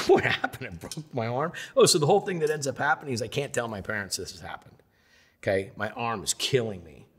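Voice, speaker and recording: A middle-aged man telling lively stories in a sit-down interview, acting out the voices of the people in them. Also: mid-range voice, brisk, breathy edge. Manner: animated storyteller, acts out voices of others. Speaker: interview guest.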